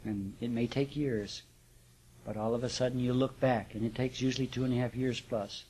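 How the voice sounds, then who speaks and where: A man at a middling pitch teaches a spiritual class before a live audience. He talks in a relaxed, conversational way, checks in with his listeners as he goes, and chuckles now and then. A faint hiss sits under the recording. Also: normal speed. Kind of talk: live class talk on yoga and affirmations.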